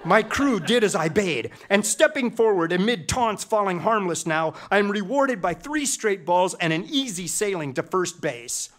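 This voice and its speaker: High-voiced wry storyteller man. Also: sing-song, moderate pace, hardly any pauses, fairly bright tone. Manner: wry, mock-epic, dramatic swells. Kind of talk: comic storytelling performance.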